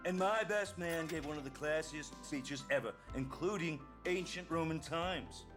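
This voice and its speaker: A man's voice: a little high, moderate pace, over music, close to an everyday voice. An actor narrating as a boastful male tycoon in a pompous tone. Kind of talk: comic narration.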